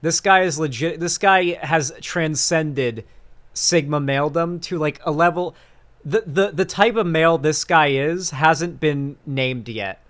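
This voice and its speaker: A young man doing casual reaction commentary, excitable and crude, with quick joking asides. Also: fairly high pitch. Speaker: commentary streamer reacting to a video.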